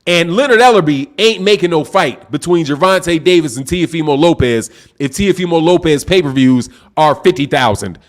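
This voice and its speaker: A man hosting a live-stream boxing talk show, loud and excitable, projecting his voice and saying "bro" a lot while reading viewer super chats. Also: a little high, normal speed, few pauses. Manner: reads super chats aloud. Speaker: boxing channel host. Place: home live stream, sipping drinks.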